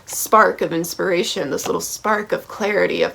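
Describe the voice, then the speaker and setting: A woman's voice: medium pitch, steady tone, fairly quick, creaky, few pauses, a bit bright, a little hiss or hum. A woman giving a tarot reading to camera, blunt and passionate, swearing freely and checking in with the listener as she goes. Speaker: tarot reader.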